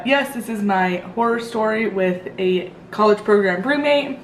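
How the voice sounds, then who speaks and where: A young woman vlogger telling a story in a casual, rambling way, full of fillers. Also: medium pitch. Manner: chatty, rambling, lots of fillers. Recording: echoey room.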